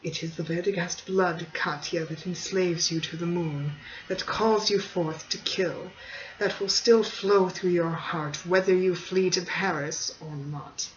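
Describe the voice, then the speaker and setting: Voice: medium pitch, fairly even intonation, unhurried, lightly acted. A reader doing a grim old tyrant count. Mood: menacing. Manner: grim, threatening. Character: menacing old male count, tyrannical father. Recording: dull distant recording, faint hiss.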